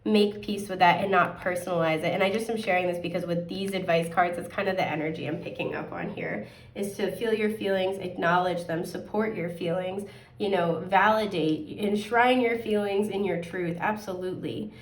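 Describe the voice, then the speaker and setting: Woman, tarot reader, hoarse, chatty, upbeat, roomy sound, set back from the mic. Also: lowish voice, moderate pace, recorded from a distance. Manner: chatty, upbeat, rambling with fillers. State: hoarse, clears throat often. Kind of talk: casual pick-a-card tarot reading.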